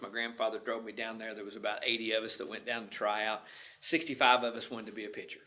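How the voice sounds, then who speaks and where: A man's voice: mid-range voice, sharp tone. A male instructor telling a story in a folksy, homespun way during a lecture.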